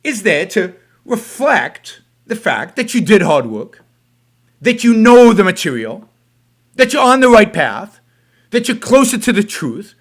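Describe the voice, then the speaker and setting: A man's voice: high voice, very animated, a little slow. A middle-aged man hosting a talk show, mocking a video clip in scornful, emphatic commentary. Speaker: show host reacting to a clip.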